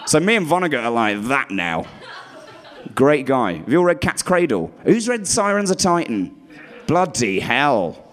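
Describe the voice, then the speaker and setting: Rambling stand-up comedian, lively pitch. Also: male voice, measured pace. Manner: rambling, self-deprecating, trailing off into low asides. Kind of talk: stand-up routine.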